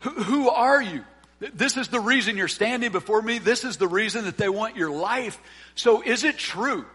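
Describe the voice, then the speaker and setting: A man's voice: high voice, moderate pace, pushed and bright, husky, in a large hall, voice pushed up, exaggerated voice. A man voicing a Roman governor who questions a prisoner with urgent, repeated questions. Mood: pressing.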